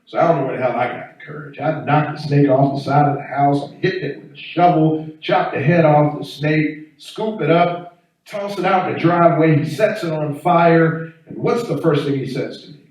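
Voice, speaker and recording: A man performing a stand-up comedy set, telling stories in an animated way. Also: moderate pace. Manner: animated storytelling, swinging up and down in pitch. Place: event hall on campus. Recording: echoey room, distant mic.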